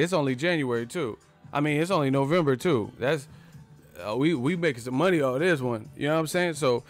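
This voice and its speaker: A man hosting a loose live boxing chat stream, brash and crude and breaking into laughter often. His voice sits in an ordinary middle register. Faint music plays underneath. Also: mid-range voice. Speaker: boxing channel host. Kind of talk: casual live-stream commentary.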